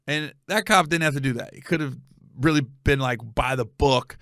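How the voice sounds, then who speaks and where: This is a man in his forties hosting his comedy show, recorded with clean studio sound and no echo. His mid-range voice moves at a moderate pace as he spins a profane, casual story, animatedly doing all the voices.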